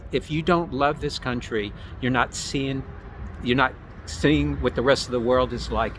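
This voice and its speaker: An American man chatting outdoors as a guest, halting and repeating words as he thinks aloud. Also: mid-range voice, fairly bright tone, slight background noise. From United States. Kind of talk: casual street conversation.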